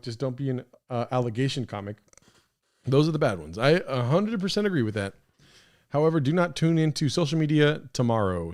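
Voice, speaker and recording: A man's voice: medium pitch, a little mellow. Rambling, profane man streaming commentary. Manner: rambling, profane, lots of fillers and restarts. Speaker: podcast host streaming. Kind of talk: casual live-stream commentary.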